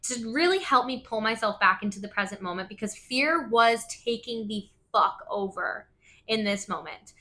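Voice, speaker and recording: Woman, bright tone, podcast host, casual personal storytelling, swears, filler-heavy. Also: on the high side. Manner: open and emotional in the telling.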